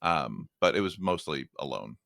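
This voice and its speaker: A man appearing as a guest on a podcast, talking about a film in a thoughtful, halting way with many restarts. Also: extremely low pitch, animated, creaky, fairly bright tone, no echo, clean studio sound. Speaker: podcast guest, writer and critic. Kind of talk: casual film discussion.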